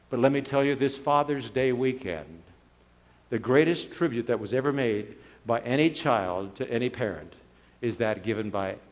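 Male preacher telling a dramatic story. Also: medium pitch. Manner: dramatic storytelling, swings between loud and soft. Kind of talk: sermon. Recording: long hall reverb.

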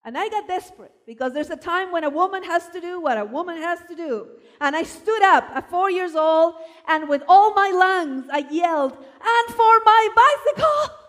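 A woman from Argentina preaching a sermon, telling personal stories with animated emphasis. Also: extremely high pitch, normal speed. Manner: animated storyteller, voice rising for emphasis. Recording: long hall reverb.

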